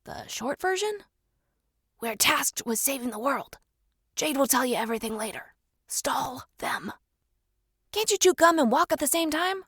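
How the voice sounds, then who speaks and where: A woman narrator voicing an impatient, sarcastic male court member who speaks in a dry, brisk way. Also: sits high, animated, a bit bright, dry recording.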